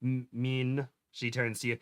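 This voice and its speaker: Host type, male, mid-pitched, reads fanfic aloud for laughs, trips over words. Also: monotone, fairly bright tone. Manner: reads aloud with stumbles and giggles, quick voice shifts for quotes. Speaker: podcast host reading fan fiction aloud. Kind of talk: comedic dramatic reading.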